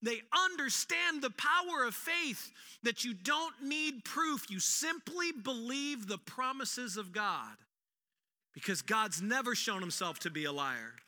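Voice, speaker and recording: An animated male pastor preaching, acting out the stories with humor. His voice is high and very bright and piercing, and a long hall reverb trails each phrase. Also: measured pace. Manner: animated storyteller, acts out quotes with humor. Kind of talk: sermon.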